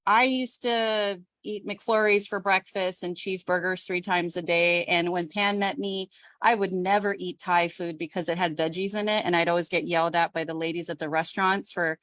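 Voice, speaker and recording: A woman's voice: lowish voice, moderate pace, no echo. A woman, a business owner and homeschooling mom, giving a chatty, self-deprecating testimonial on a video call. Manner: chatty, self-deprecating, animated quoted voices. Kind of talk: casual testimonial on a group call.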